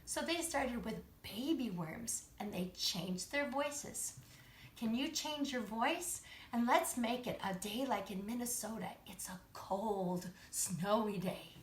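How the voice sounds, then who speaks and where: Brief: upbeat woman kids' music teacher, sing-song and encouraging, fairly high voice, roomy sound. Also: slow pace. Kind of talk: live-streamed lesson with chants. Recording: roomy echo.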